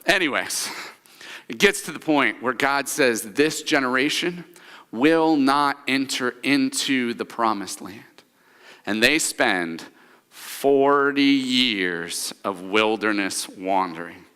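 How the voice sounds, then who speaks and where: Bright-voiced pastor in a reverberant church. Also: male voice, medium pitch, expressive, takes it slowly, clear, resonant tone. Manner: storytelling, leads congregation in call-and-response recaps. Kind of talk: sermon. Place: church sanctuary.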